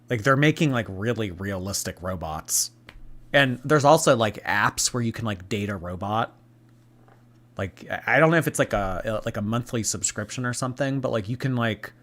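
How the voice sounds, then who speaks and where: A man's voice: fairly low pitch, a bit bright. A man hosting a live stream, commenting casually and reading out viewer messages in a rambling, chatty way.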